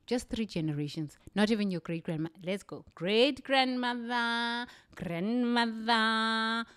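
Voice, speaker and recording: A middle-aged woman with a South African accent, a native Zulu speaker, talks with fierce conviction and hammers her points home by repeating them. Her voice sits fairly low, and the recording is close and dry with no room sound. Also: warm tone, no echo. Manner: intense, emphatic, repeats phrases for weight. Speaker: livestream speaker. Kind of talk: impassioned motivational talk.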